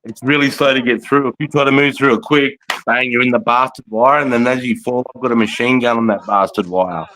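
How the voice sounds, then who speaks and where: This is casual live commentary from a veteran stream host, an Australian man who rambles bluntly and swears a lot. His medium-pitched voice stays steady and sharp, moving briskly with hardly any pauses, and the recording quality is rough.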